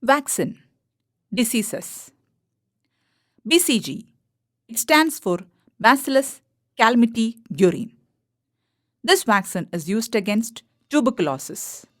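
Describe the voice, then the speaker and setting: A woman's voice: on the high side, expressive, slow pace, long pauses. A woman with an Indian English accent reading out a list of terms and their meanings one by one for a school lesson. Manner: reads out a list term by term. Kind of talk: read-aloud lesson.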